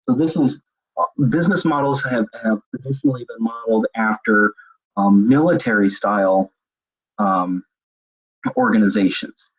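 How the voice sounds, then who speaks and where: Husky man giving a webinar. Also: on the low side, normal speed, pauses often. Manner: conversational, repeats words while thinking. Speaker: webinar presenter. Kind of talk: webinar lecture. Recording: dull lo-fi web seminar audio.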